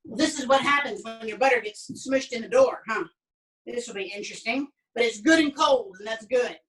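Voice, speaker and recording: A woman's voice: a little high, brisk, a bit bright, a little hiss or hum. A woman with a Southern American accent teaching a cooking class, talking in a folksy, chatty way with many fillers. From Southern United States. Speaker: cooking instructor. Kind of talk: cooking class with family storytelling. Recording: voice a bit distant from the mic.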